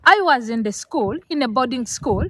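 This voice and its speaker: A woman's voice: fairly high pitch, expressive, moderate pace, bright, forceful tone, no room sound, poor audio. Earnest woman lecturing on parenting. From Africa. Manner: earnest and lecturing, with fillers and restarts. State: emotional, near tears. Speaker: vlogger. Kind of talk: emotional personal talk to camera.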